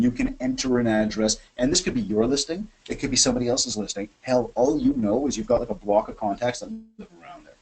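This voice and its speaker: A man hosting a webinar from his office, coaching sales in an energetic, chatty way and acting out phone calls. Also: mid-range voice, husky, rough recording. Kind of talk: animated software demo and sales coaching.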